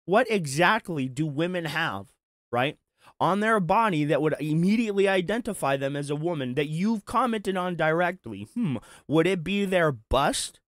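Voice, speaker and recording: A man's voice: on the high side, lively intonation, moderate pace, fairly bright tone, no room sound, clean studio sound. A man giving heated, profane reaction commentary, talking with sarcasm and frustration. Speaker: commentary streamer.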